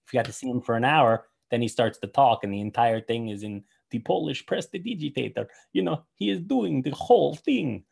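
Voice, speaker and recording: A man's voice: mid-range voice, expressive, brisk, vocal fry, few pauses, a little mellow, husky. Male host, mid voice, enthusiastic, rambling casual chat. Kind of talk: casual chat about magic videos.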